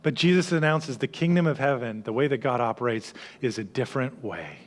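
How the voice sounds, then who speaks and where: A man preaching a sermon as a church pastor, earnest, dropping to hushed tones and then rising to emphatic peaks. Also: medium pitch, expressive, fairly quick.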